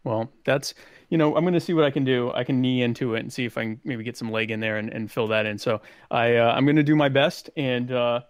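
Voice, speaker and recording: Co-host dude cracking jokes at himself, mid pitch, dry close mic. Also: male voice, fast talker, smooth, dry recording. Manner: joking, self-deprecating. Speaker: podcast co-host. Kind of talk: casual podcast chat.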